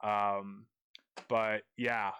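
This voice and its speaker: A man's voice: on the low side, flat delivery, very slow, bright, forceful tone, clean tone. A young man tutoring grammar on a live stream, chatting playfully with viewers as he goes over a paragraph. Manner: chatty, playful, addresses chat viewers directly.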